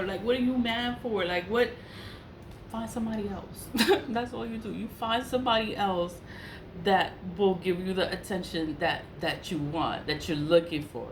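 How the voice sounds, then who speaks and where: A woman telling a personal story in casual talk, animated and exasperated, repeating her phrases and laughing between lines. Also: medium pitch. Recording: echoey room with faint hiss.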